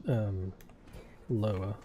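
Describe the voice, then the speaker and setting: A soft-spoken man in his twenties, chatting casually while streaming a game. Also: fairly even intonation, very slow, a little hiss or hum. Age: 20s. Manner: quiet, low-key and soft-spoken. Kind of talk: casual chat while gaming.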